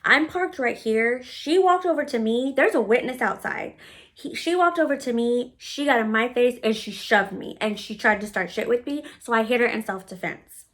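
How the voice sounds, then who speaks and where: A woman's voice: on the high side, normal speed, a bit bright. A woman vlogger telling a personal story in a brash, sassy way, full of swearing. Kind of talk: casual storytime.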